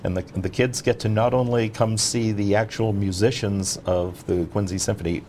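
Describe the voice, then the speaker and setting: A male orchestra president in a casual interview, explaining things in a measured way. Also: fairly low pitch, fairly even intonation, darkish tone, slight background noise.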